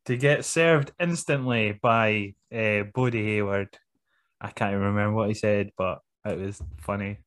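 A man's voice: on the low side, fairly even intonation, moderate pace, a bit bright. A man co-hosting a casual podcast chat, laughing often, swearing and joking as he recaps a show. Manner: laughs often, swears, does mocking voices. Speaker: podcast co-host.

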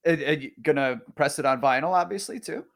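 A man's voice: on the high side, brisk, creaky. A man hosting a podcast interview in a casual, chatty way, laughing easily and restarting his sentences. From Oklahoma. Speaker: podcast host.

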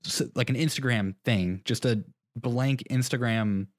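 A man's voice: medium pitch, unhurried, dry recording, clean studio sound. A young man co-hosting a podcast in casual chat, rambling through a story, restarting his sentences and laughing at himself. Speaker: podcast co-host.

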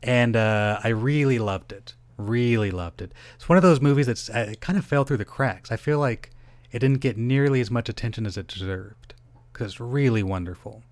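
A man's voice: mid-range voice, moderate pace, no echo. A middle-aged man hosting a solo podcast, rambling, interrupting himself and swearing casually. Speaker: podcast host.

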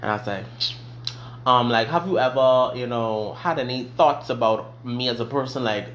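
A young man casually telling a personal story on his vlog, profane and animated. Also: mid-range voice, normal speed, dull audio, slight background noise. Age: young adult. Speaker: vlogger.

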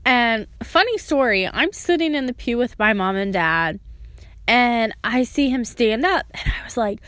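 A woman's voice: a little high, animated, measured pace, a bit bright, no room sound, studio quality. A woman sharing a heartfelt personal testimony, earnest and storytelling, now and then acting out remembered words.

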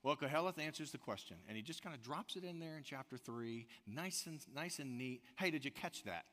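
A man preaching a sermon, telling stories with animated energy and asking the congregation direct questions. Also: fairly high pitch, fairly quick. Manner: animated storytelling, rising to loud outbursts. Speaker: pastor. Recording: echoey hall reverb.

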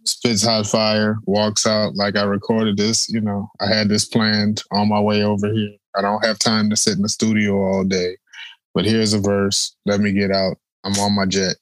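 A man's voice: on the low side, monotone, moderate pace, no room sound, low-quality recording. A man co-hosting a podcast, telling a laid-back story in casual chat. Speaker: podcast co-host.

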